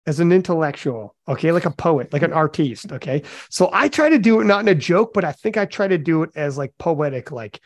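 A man telling profane, animated stories as a podcast co-host in casual chat. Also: on the high side, a little fast, hardly any pauses, no room sound.

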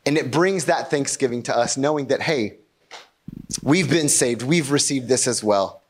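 A man's voice: mid-range voice, normal speed. A pastor preaching a sermon in a conversational way, asking rhetorical questions and often checking in with his congregation.

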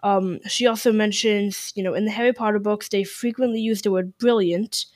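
A woman's voice: mid-range voice, steady tone, moderate pace, darkish tone, no room sound. A woman co-hosting a podcast, chatting casually and reading out listener emails, rambling with many restarts and fillers. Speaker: podcast co-host.

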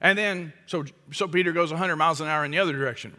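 A man's voice: a little high, quick pace, hardly any pauses, bright, forceful tone, in a large hall. A man preaching a sermon as pastor, emphatic, often acting out quoted lines and chuckling at his own jokes.

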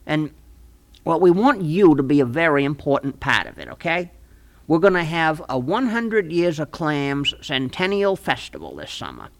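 A man's voice: on the high side, very animated, moderate pace, vocal fry. A man voicing a scheming small-town fellow in a comic radio play, talking in a folksy, wheedling, overly sweet way. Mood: eager pitch.

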